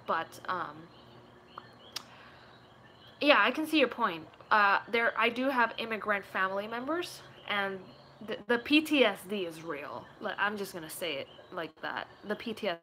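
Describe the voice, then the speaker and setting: Young Puerto Rican woman, bright chatty voice. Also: medium pitch, lively intonation, unhurried, a little hiss or hum, low-quality recording. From Puerto Rico. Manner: reads chat questions and answers offhand, tries joke accents. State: sore, tired voice. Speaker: streamer chatting with viewers. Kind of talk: casual live-stream chat.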